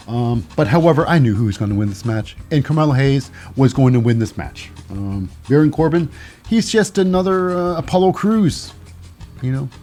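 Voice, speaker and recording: A man's voice: a little high, dark tone. Man, podcast host, rambling recap, wry asides, faint music underneath. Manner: rambling, restarts, dry asides.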